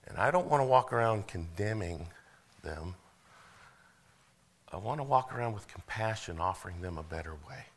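A middle-aged man preaching a sermon, stumbling over repeated words, asking for amens and building to loud, rising passages. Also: lowish voice, expressive, normal speed, long pauses. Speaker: pastor.

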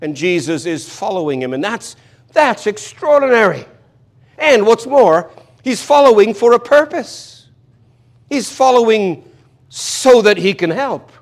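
Brief: male preacher, fairly high voice, earnest and emphatic, hammers home repeated lines. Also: sing-song, measured pace. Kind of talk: expository sermon.

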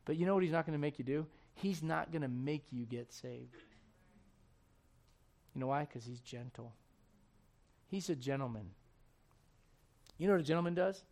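A male pastor preaching a sermon, swinging between shouted intensity and hushed, gentle tones. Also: fairly high pitch, normal speed, long pauses.

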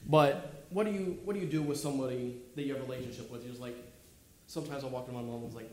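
Young man, informal sermon, halting delivery, frequent fillers, restarts, mid-pitched voice. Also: slight background noise.

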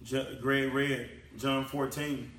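A man preaching a sermon, repeating lines with emphasis and swinging from loud to soft. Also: medium pitch, level tone, slow. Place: church hall. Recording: echoey hall from a distance.

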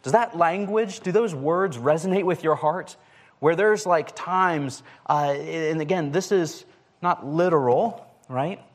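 Casual-talking male preacher, higher voice. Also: measured pace. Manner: casual, with frequent "like" and restarts. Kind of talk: conversational sermon.

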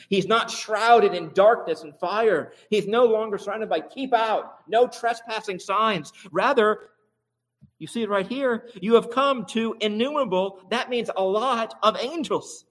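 A man with a high, light voice preaching a sermon. He fires off rhetorical questions and lists, dropping low for asides and rising sharply for emphasis. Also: unhurried. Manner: animated, rhetorical questions, swings between quiet and emphatic. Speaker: pastor.

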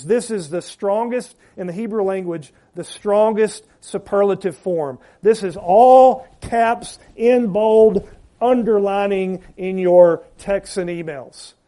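A man's voice: high-pitched, mellow. A man preaching a sermon to his congregation, building emphasis on repeated words and letting phrase ends drop away. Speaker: pastor.

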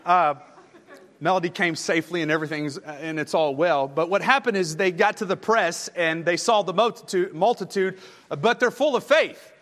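A man with a high voice delivers a storytelling sermon, full of "uh" fillers and quick restarts. His voice rings out with a long reverb, as in a large church hall. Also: a bit bright. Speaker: preacher.

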